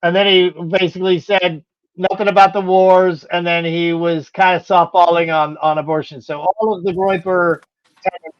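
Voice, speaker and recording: High-voiced man, dull dry sound. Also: level tone, normal speed, smooth, no echo. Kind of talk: casual livestream chat.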